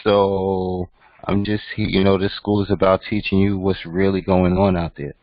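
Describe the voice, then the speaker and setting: Low-voiced guy lecturing his class, keeps saying right?, muffled dry audio. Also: flat delivery, normal speed, dry recording. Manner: conversational, keeps asking "right?". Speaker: teacher.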